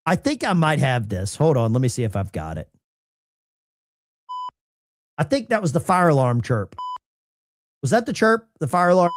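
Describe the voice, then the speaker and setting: Man with a lively, swooping delivery. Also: fairly high pitch, normal speed, pauses often. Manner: animated, incredulous, talks to the chat. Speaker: independent political commentator. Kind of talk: live-streamed political commentary.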